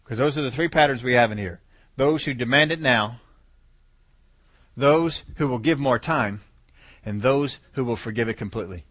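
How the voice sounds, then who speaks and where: A man's voice: mid-range voice, normal speed, pauses often, a bit bright, no echo. Emphatic male preacher, dry sound. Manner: emphatic, repeats key words for stress. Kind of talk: sermon.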